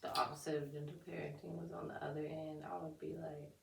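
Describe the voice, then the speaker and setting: A young woman with a lowish voice, chatting candidly and laughing easily about parenting. She sits back from the mic, and the room adds a hollow echo around her words. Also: level tone, fast talker, vocal fry, background noise. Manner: candid, laughs often, acts out her toddler's voice. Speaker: podcast co-host. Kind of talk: casual podcast chat. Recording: echoey room, distant mic.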